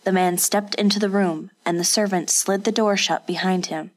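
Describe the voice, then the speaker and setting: A woman reading an audiobook in steady, scripted narration. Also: medium pitch, normal speed.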